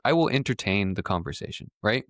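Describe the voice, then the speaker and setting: A young man co-hosting a podcast, telling lively stories in a relaxed casual conversation. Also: fairly low pitch, brisk, no echo, studio quality. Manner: lively storyteller, says he prefers listening. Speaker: podcast co-host.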